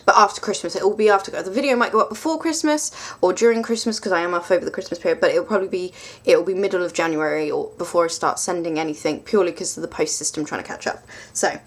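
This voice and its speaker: A woman's voice: lowish voice, fast talker, hardly any pauses. Chatty, rambling woman vlogger. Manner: chatty and rambling, self-mocking, many ums. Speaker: tarot deck reviewer. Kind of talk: casual vlog review.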